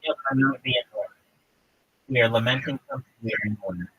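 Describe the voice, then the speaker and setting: A man on a livestream explaining vocabulary words in a rambling, casual way, often searching for words and jumping in pitch. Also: quick pace, a bit bright, slightly rough, no echo, poor audio.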